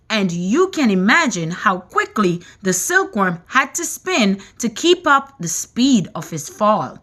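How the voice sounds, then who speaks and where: A woman reading a children's book aloud, expressive and animated. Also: mid-range voice, slow pace, hardly any pauses. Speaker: reader.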